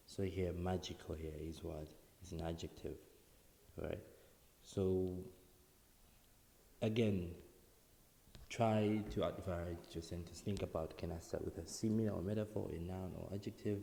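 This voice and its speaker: Deep-voiced male teacher in an echoey room. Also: steady tone, normal speed, creaky, warm tone, slight background noise. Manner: explains step by step, repeats words for emphasis. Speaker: English teacher. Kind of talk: online writing lesson. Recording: echoey room with long reverb.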